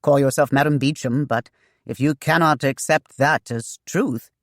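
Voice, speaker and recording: A narrator voicing a charming young man who answers with easy, wry calm. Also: mid-range voice, normal speed, no echo, clean studio sound, close to an everyday voice. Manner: lazy, wry.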